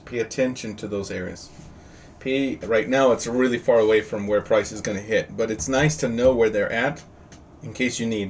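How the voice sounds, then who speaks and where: A trading teacher runs a live online class over a video call, chatty and jokey, frequently quizzing his students. His mid-range voice is a little mellow. The mic sounds distant, with faint noise.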